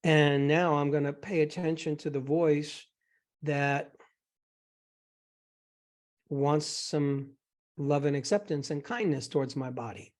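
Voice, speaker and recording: A man hosting a coaching session, guiding his guest gently and reassuringly with examples. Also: on the high side, slow pace, long pauses. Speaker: host and eating psychology coach.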